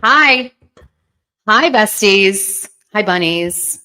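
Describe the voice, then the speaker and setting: A woman's voice: lowish voice, unhurried. A woman hosting a casual livestream, chatting playfully with viewers from a bare bedroom at home into a desk microphone. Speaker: livestream host.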